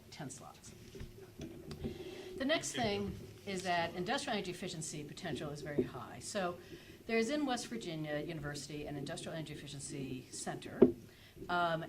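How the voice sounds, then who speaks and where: A woman on an energy policy panel gives her conference presentation in a lowish voice against heavy background noise. She's hesitant, working through her points with many fillers, restarts and self-corrections.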